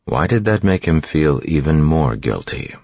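A man reading a novel aloud as an audiobook narrator, in a steady, even way, with a dull, dry studio sound. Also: a bass voice, unhurried, no echo. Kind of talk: scripted narration.

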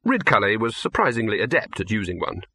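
A man reading a novel aloud with lively, animated pitch. His tone is bright with a faint husky edge, and the recording is dry and close. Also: fast talker, dry recording. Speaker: narrator. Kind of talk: audiobook narration.

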